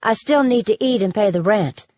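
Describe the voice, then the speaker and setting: Audiobook heroine: woman doing a husky, faintly Southern young woman, prim and tense, dry sound. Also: medium pitch, animated, normal speed, dark tone, dry recording, lightly acted. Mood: prim, annoyed. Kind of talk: audiobook character voice.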